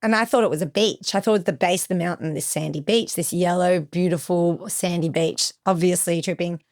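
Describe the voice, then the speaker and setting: Lower-voiced young woman telling a survival story. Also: fairly even intonation, a little fast, darkish tone. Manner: vivid retelling with acted-out quotes. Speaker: podcast guest. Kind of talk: emotional personal storytelling.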